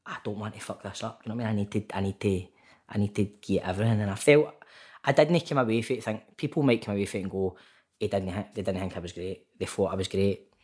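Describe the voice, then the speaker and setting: A Scottish man with a fairly low voice chats loosely on a call, peppering his stories with "mate" and the odd swear word. He is an actor talking about his work in a relaxed, unguarded way. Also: quick pace. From Scotland. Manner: chatty storyteller, keeps saying mate, swears freely. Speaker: actor guest. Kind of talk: casual chat. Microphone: remote call.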